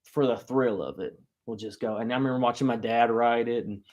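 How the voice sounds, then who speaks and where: A man telling a funny personal story to a live audience, animated and self-mocking. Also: mid-range voice, brisk, highs cut off. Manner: animated, self-mocking, acts out loud quoted lines.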